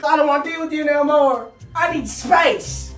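A man voicing a brash, foul-mouthed middle-aged wife in a parody sketch, shouting and cursing. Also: very high-pitched, normal speed. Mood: furious. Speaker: comedian. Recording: roomy echo, mic far off, loud music.

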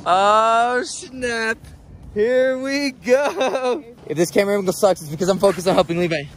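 A man's voice: high-pitched, normal speed, a little hiss or hum. A man vlogging casually, upbeat and laughing often. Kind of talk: casual vlog narration. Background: loud background music.

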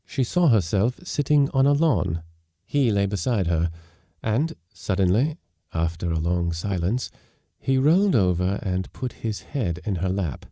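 Man, audiobook narration, measured and calm, deep warm tone, dry close sound. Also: no echo. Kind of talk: audiobook reading of a short story.

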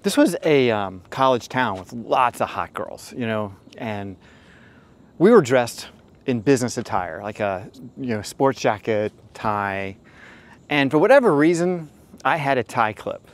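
A middle-aged man talks through his advice in a loose, unscripted monologue, his voice sitting at an ordinary middle pitch. He rambles and circles back with plenty of fillers, and he drops blunt, profane asides along the way. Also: expressive, a little slow. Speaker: dating advice host. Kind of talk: casual storytelling monologue.

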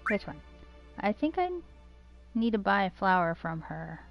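A woman's voice: medium pitch, very animated, a little slow, gravelly, dull audio. A woman giving casual, giggly commentary while playing a game, talking to herself. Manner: giggly, chatty, talks to herself. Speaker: game streamer. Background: game music.

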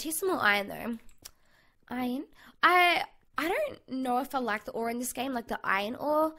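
A young Australian woman gives chatty gameplay commentary into a desk mic at home. Her voice sits high and bright, with a gravelly fry under the words. She rambles cheerfully and talks her thoughts aloud. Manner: chatty and bubbly, thinking aloud with fillers. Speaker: gaming channel host. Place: home bedroom. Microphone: USB condenser mic.

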